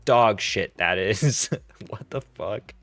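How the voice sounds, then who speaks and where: A man's voice: on the low side, slow pace, a bit bright, faint music behind. A young man hosting a casual commentary, sarcastic and exasperated, with many fillers. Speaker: commentary host.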